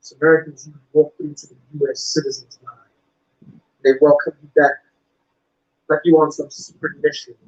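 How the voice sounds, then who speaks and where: A male stand-up comedian performing a routine on stage, acting out voices of shouting officers. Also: a little high, moderate pace, long pauses, lo-fi sound. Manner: animated, with loud acted-out officer voices.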